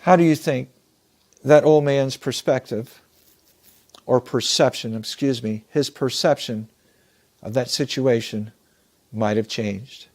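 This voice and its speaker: A man speaking in an earnest, measured way, like a motivational speaker telling a story. His voice sits at an ordinary middle pitch, and he draws out key words for weight. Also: darkish tone. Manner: measured, earnest, slows down for emphasis. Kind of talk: storytelling talk.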